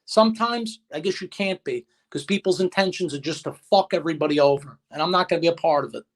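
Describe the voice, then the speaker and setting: A man's voice: on the high side, quick pace. A man in casual chat as a guest, venting with heated, profane talk and retelling conversations.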